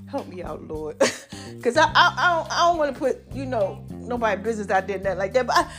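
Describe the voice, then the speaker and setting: A woman hosting a casual podcast, animated and drawn out, calling listeners baby and y'all, her voice a bit hoarse from allergies. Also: on the high side, a little fast, faint music behind. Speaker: podcast host.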